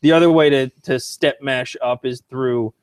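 A man's voice: mid-range voice, fairly even intonation, moderate pace, no echo. A man co-hosting a casual podcast, explaining with knowledge in loose, restarting sentences. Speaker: podcast co-host. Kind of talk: casual chat.

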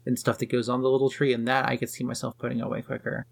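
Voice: medium pitch, very fast, creaky. A young adult co-hosting a podcast, chatting casually and wryly with lots of filler words while recapping an anime. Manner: relaxed, wry, many "like" fillers. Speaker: podcast co-host.

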